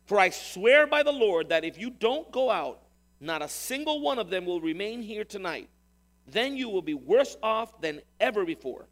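A man's voice: high-pitched, sing-song, normal speed. A man voicing a stern male army general who angrily scolds a king. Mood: scolding. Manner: forceful, scolding.

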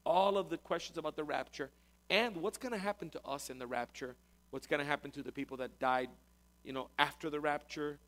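This pastor's voice leans high with a touch of brightness. He preaches in a conversational style to a congregation, circling back over words as he teaches, captured in a recorded talk.

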